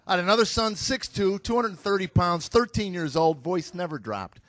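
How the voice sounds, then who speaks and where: A middle-aged American man tells family stories from a comedy stage, deadpan and exasperated. His voice sits high for a man. The sound is dry and close, with no room echo. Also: normal speed, hardly any pauses. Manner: deadpan storytelling with exasperated asides. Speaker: stand-up comedian. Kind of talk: stand-up comedy routine. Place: stage before a live audience.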